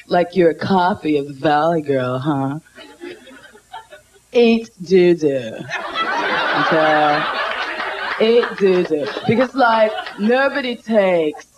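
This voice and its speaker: A woman's voice: fairly low pitch, voice pushed down. A woman voicing a ditzy young surfer girl who talks valley-girl style, stuffed with "like" and "okay". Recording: loud crowd and noisy live tape.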